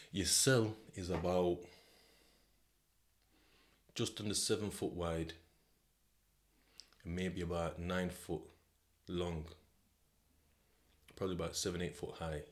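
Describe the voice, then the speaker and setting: A British man hosting a podcast, telling a story in the second person in a casual, slang-heavy way. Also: low voice. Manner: slang-heavy, conversational, repeats "do you know what I mean". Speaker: podcast host.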